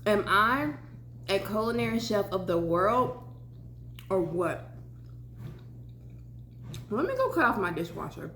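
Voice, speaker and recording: A woman's voice: mid-range voice, very animated, slow pace, pauses often, a bit bright. Young Southern woman, casual mukbang vlogger, talks through bites, echoey kitchen room with faint hum. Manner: chatty, talks with mouth full. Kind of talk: casual mukbang chat while eating. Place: home kitchen.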